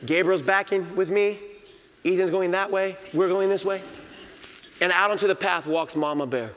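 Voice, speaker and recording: Animated, bright-voiced male pastor in a hall. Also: high-pitched, normal speed, slight background noise. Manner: animated, acts out dialogue, exuberant. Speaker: senior pastor. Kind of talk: Sunday sermon with storytelling. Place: church sanctuary. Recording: long reverb of a large hall.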